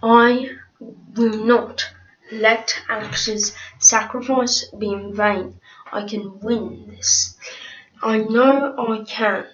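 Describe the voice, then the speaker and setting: A woman's voice: fairly high pitch, steady tone, extremely slow, fairly bright tone. A woman voice acting in a fan drama, talking to herself in a determined way. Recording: dull lo-fi recording.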